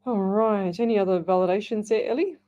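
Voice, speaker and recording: Mellow-voiced Australian psychic radio host. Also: female voice, mid-range voice, brisk. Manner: chatty, laughs easily, reads messages aloud. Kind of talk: live radio call-in readings. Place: radio studio.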